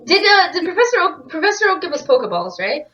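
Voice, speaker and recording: Lively woman gamer on a dull mic. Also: very high voice, fast. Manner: lively, playful banter. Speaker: co-host of a game playthrough. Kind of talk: casual gaming commentary.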